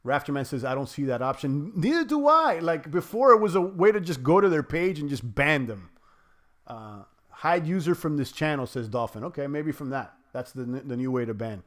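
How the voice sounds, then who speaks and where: A man hosts a casual livestream in a slightly high voice and reads out viewer comments as they come in. His talk wanders, full of fillers and restarts. He turns to playful trash talk when trolls show up. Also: animated, normal speed, a bit bright. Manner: loose and rambling, many fillers and restarts. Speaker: crypto livestream host.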